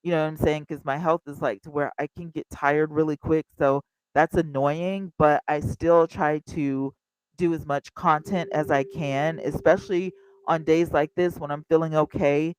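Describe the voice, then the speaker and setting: A woman in her fifties hosting a casual livestream, chatty and animated, talking straight to her viewers. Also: deep voice, moderate pace, clear, resonant tone, no echo, poor audio. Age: 50s. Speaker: livestream host.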